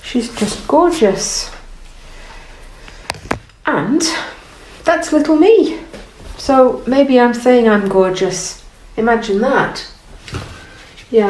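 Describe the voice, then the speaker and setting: A woman gently guiding an art lesson while she paints, encouraging and thinking aloud. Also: mid-range voice. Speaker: art teacher. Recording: roomy, from off the mic, faint noise.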